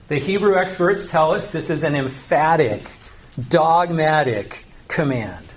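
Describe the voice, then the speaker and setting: A man preaching a sermon, earnest and teaching, slowing down to stress key phrases. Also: fairly high pitch. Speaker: pastor.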